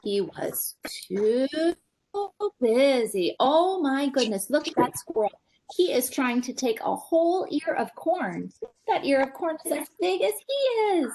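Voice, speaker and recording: A woman parent educator reading a picture book to young children over a video call, animated, gasping and asking them questions. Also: sits high, a little slow, a little hiss or hum, low-quality recording.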